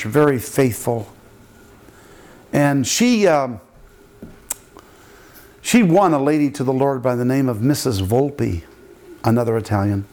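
An older man, a pastor, telling a story in a sermon and acting out the people in it with big jumps in his voice. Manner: animated preaching, acting out quotes with big pitch jumps.

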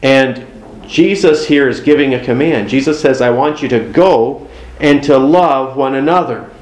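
A man's voice: medium pitch, measured pace. Echoey preaching man, conversational. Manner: conversational preaching with folksy asides and acted-out dialogue. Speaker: pastor. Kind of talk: sermon.

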